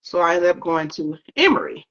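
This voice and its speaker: A woman with a slightly low voice recounts her story in an interview. She talks in a loose, conversational way, full of fillers and quoted exchanges. The recording sounds dull and lo-fi. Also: big pitch swings, a little fast, fairly bright tone. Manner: conversational, often quoting others, many fillers.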